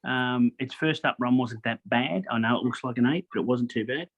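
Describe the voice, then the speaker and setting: A man explaining horse form in casual chat, steady, with fillers like "look". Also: mid-range voice, a little fast. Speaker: podcast co-host giving racing tips. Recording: slightly dull, lo-fi audio.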